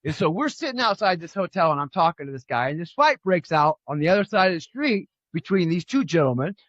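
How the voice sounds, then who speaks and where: A California man co-hosting a podcast talks fast in a fairly high, sing-song voice with a fairly bright tone. He chats casually about politics and tells stories, rambling, repeating himself, and firing off emphatic rhetorical questions. The audio is dull, with no room sound.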